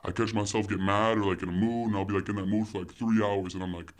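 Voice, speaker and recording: Give me a young man, rattling off casual chat at a quick clip. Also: on the low side, steady tone. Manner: loose, profane, heavy on fillers. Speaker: podcast guest.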